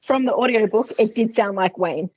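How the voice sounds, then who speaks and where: A woman's voice: mid-range voice, normal speed, a little mellow, breathy edge. A woman co-hosting a podcast, playful and giggly in casual chat. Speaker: podcast co-host. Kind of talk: casual book-club chat. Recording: dull mic, faint hiss.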